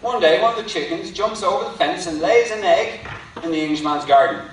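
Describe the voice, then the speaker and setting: A male lecturer talks through an academic point, pausing wryly before his punchlines. He sounds distant from the microphone, with heavy hall reverb and a faint hum of room ambience. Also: high voice. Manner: wry, deliberate, builds to punchlines. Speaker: university lecturer. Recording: echoey hall from far off.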